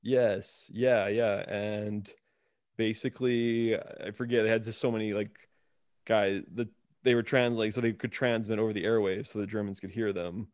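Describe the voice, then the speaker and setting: Casting note: low-pitched man, relaxed podcast host, dry close sound. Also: normal speed, no echo. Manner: laid-back, asks guests questions, laughs often. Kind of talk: casual chat.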